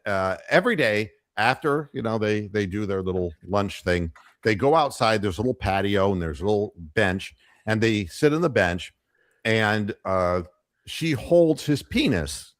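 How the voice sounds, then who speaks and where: Male host, rambling joke-teller, animated pitch, halting delivery. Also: no echo, studio quality. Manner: rambling, halting storyteller with lots of fillers. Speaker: radio show host. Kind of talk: casual postgame banter and joke telling.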